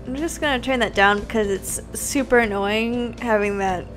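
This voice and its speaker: A woman's voice: fairly high pitch, normal speed, fairly bright tone, soft background music. A young woman hosting a game playthrough, reading aloud and commenting in a chatty, self-deprecating way, often tripping over words. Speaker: let's play host.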